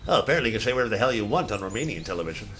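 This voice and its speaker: Bumbling low-voiced male reporter. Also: racing, a little hiss or hum. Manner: bumbling, profane, deadpan. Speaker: comedian playing a TV reporter. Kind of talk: scripted comedy sketch.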